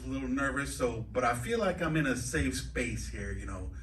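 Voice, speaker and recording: A man's voice: mid-range voice, a bit bright, a little hiss or hum. A man doing stand-up comedy at an open mic night, rambling and hesitant with lots of fillers. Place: comedy club stage, indoors. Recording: echoey club room from a distance.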